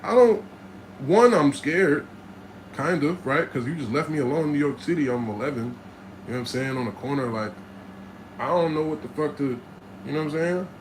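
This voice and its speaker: A streetwise man talking through his life story in a loose, animated monologue, cursing freely and slipping into the voices of the people he describes. His voice sits a little high for a man. A faint hiss of background noise runs under the recording. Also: a little fast, poor audio.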